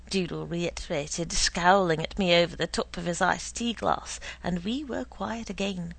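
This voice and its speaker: A woman narrating a story in a slow, hushed way, often dropping to a whisper. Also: lowish voice, fairly even intonation, creaky, rough recording.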